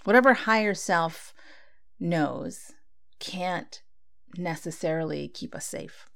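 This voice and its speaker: A woman's voice: on the low side, slow pace, gravelly, a bit bright. A woman giving a casual spiritual talk, speaking conversationally and acting out her own inner dialogue.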